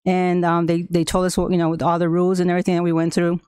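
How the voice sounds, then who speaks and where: A woman's voice: on the low side, completely flat delivery, very fast, a little mellow, clean tone, no echo, studio quality. A woman whose first language is Spanish, a school staff member telling the board a personal story, with many fillers and restarts and frequent laughs. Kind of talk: personal account at a public meeting.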